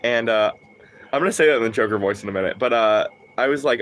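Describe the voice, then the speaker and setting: A man's voice: mid-range voice, quick pace, a bit bright, a little hiss or hum. A man chatting casually on a livestream, rambling and swearing, full of fillers and laughing asides.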